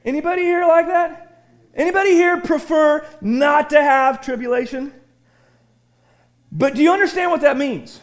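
A man preaching a sermon in a church, animated and conversational, often breaking into excited shouting and asking the congregation questions. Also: very high-pitched, moderate pace. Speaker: pastor. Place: church sanctuary.

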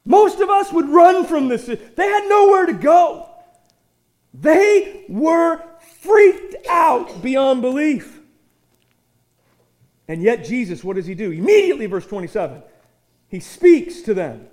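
A man with a strikingly high voice delivers a lively sermon. He often stumbles over repeated words, then drives points home with sudden loud emphasis. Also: slow, long pauses. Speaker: pastor.

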